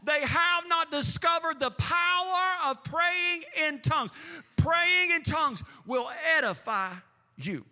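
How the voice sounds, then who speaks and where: A man preaches from the pulpit in a very bright, piercing voice, pressing out emphatic bursts between slow, drawn-out phrases. His words ring with the long reverb of a church sanctuary, and a band plays faintly behind him. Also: very high voice, expressive. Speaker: pastor. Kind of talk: sermon.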